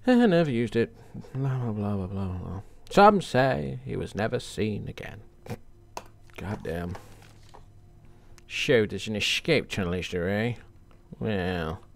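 Talking back to the monsters and ridiculing them, a man provides sarcastic, joking commentary as he plays a horror game. His voice sits on the low side, animated but slow with vocal fry, against slight background noise.

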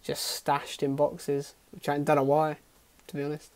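A man's voice: a little high, monotone, normal speed, a little mellow. A young man giving casual, self-mocking reaction commentary on his old videos, swearing often. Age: young adult. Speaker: YouTuber.

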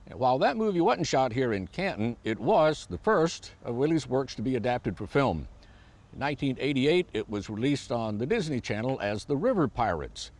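A man narrating a TV magazine show in a friendly, lively presenter manner. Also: medium pitch, normal speed. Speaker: show host. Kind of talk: scripted TV narration.

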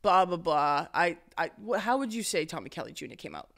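A young adult woman co-hosting a podcast, chatting in an animated way and swearing freely. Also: fairly low pitch, quick pace, creaky. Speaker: podcast co-host. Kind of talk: casual storytelling chat.

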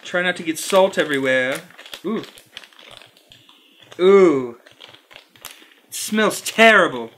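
A man's voice: sits high, expressive, fairly bright tone, a little hiss or hum, heavily acted. A man playing a fussy, squeamish candy reviewer. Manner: slow, overly formal, wildly swinging delivery. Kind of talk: comedic character review to camera.

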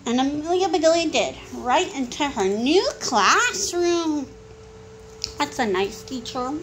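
A woman reading a picture book aloud to a young child, animated with chatty asides. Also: sits high, slow, slight background noise, poor audio. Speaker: storybook reader.

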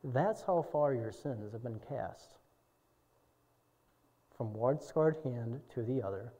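A man's voice: expressive, takes it slowly. Impassioned male preacher in a reverberant church. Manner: impassioned preaching, soaring to shouts and dropping low. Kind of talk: sermon. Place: church sanctuary. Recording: dull recording with long church reverb.

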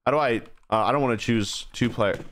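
A man's voice: mid-range voice, a little fast. A young man streaming a game live, rambling and joking as he plays. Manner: rambling, excitable, jokey. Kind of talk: live gameplay commentary.

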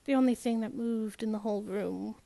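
A woman reading a first-person novel aloud in a measured way, with small restarts and slips. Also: on the high side, creaky, dark tone, no room sound. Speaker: audiobook narrator.

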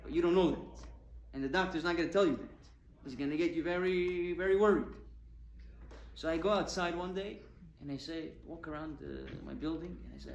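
With a gravelly, slightly high voice and a brisk delivery, a male rabbi fires rhetorical questions at his audience in a Torah talk, stressing them hard. An echoey room adds faint ambience and slight background noise.

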